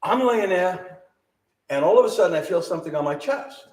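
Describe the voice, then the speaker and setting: A man's voice: high voice, expressive, fairly quick, a little mellow, far from the mic. A middle-aged man animatedly telling a ghost story to a small live audience, laughing and acting out the voices. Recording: roomy sound from off-mic.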